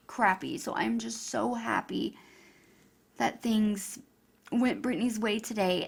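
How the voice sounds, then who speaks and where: Gushing woman vlogger with heavy vocal fry. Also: a little high. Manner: gushing, emotional, chatty. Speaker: YouTuber. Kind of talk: casual vlog commentary.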